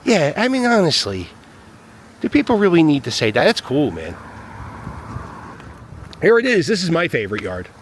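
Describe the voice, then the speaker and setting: A man's voice: fairly high pitch, huge pitch swings, moderate pace, long pauses, slight background noise. Rambling man on a street walk. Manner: rambling, wry, talks to himself and the camera. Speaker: vlogger walking his dog. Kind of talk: casual walking commentary. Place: outdoors on a city street.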